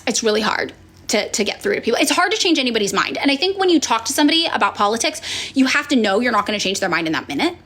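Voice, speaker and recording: Animated, frank woman answering viewer questions. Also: very fast. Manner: frank and profane, acts out quoted people in sudden high voices; chatty with many fillers and sighs. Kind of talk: casual chat.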